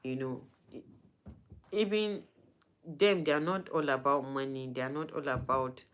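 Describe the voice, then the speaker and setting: A woman speaks straight to her followers in a personal vlog. She sounds weak and in pain, halting and emotional, often starting a sentence over before she finds her words. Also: very deep voice. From Nigeria. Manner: halting and emotional, with frequent restarts. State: in pain and weak from not eating. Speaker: vlogger.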